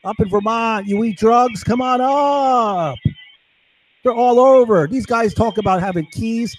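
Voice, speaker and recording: A man's voice: extremely high pitch, a little slow, rough recording. A man delivering an agitated, profane monologue full of accusations. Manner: ranting, profane, accusatory outbursts.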